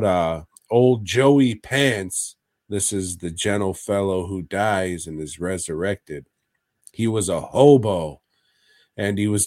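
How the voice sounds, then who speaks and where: Podcast dude recapping a horror ep, swears a lot, low voice, takes his time. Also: a little mellow, no echo, clean studio sound. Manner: profane, jokey storytelling. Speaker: podcast co-host. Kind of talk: casual chat, retelling a horror episode.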